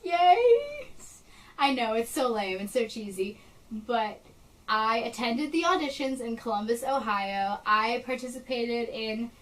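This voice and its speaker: A bubbly young woman talks excitedly to the camera from her bedroom, gushing and eager. Her voice sits a little high and comes from slightly back from the camera mic. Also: unhurried, recorded from a distance, poor audio. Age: young adult. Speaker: vlogger. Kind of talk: casual chat to camera.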